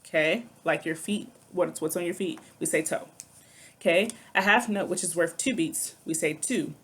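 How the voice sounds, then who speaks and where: A woman's voice: lowish voice, normal speed, fairly bright tone, husky. A woman music teacher explaining rhythm syllables in a recorded lesson, patient and step by step, checking in with "okay".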